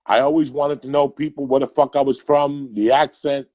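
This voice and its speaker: An older man from Cuba, raised in New York City, with a New York accent, telling stories in a profane, excitable podcast chat as a guest comedian. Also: mid-range voice, moderate pace.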